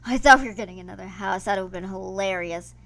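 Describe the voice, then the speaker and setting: A woman hosting her gaming channel, giving casual let's-play commentary in an excitable, playfully grumbling way. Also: medium pitch, fast.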